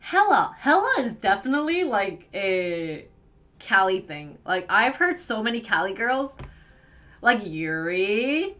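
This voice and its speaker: A woman's voice: medium pitch, very animated, a little slow, sharp tone. A young woman streamer from the northern United States, chatting casually with her viewers, giggly and full of "like". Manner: chatty, giggly, fills talk with "like". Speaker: live streamer. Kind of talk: casual chat with live viewers.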